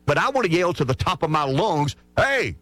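A man's voice: fairly high pitch, expressive, fast, a bit bright, no room sound, soft background music. Passionate rural Southern radio man. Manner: passionate, emphatic, repeats words as he builds his point. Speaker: radio host. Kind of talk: morning radio talk.

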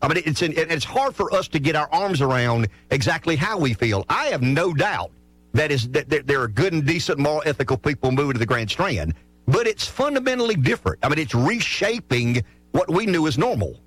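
Lively earnest radio host, man. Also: fairly high pitch, a little fast, soft background music. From South Carolina. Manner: earnest, stammering restarts when making a point. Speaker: radio talk show host. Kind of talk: call-in radio talk. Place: radio studio.

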